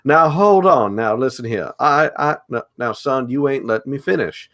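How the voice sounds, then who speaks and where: A man voicing a pompous Southern gentleman elf mage in a Southern US accent, lecturing in a blustering drawl. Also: mid-range voice, expressive, normal speed. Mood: indignant.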